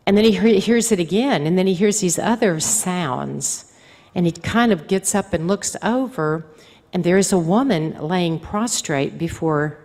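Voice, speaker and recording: A woman's voice: on the low side, a little mellow. A woman, a religious sister, giving a conversational storytelling talk to a convention audience. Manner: conversational storyteller, acts out quoted speech. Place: large hall. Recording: reverberant hall.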